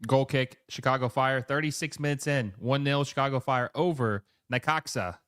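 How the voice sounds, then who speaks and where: A man hosting a live football watch-along, calling the play with quick excited bursts and chatting with his viewers between moments. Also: medium pitch, clean tone, dry recording, clean studio sound. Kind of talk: live match commentary and chat reading.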